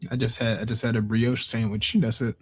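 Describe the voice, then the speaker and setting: A man chatting casually on a livestream in a laid-back, halting way. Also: mid-range voice, level tone, a little hiss or hum.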